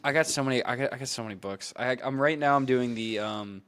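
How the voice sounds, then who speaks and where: A young man co-hosting a casual chat podcast, talking in animated, rambling bursts and acting out quoted voices. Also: medium pitch, fast, clean tone. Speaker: podcast co-host.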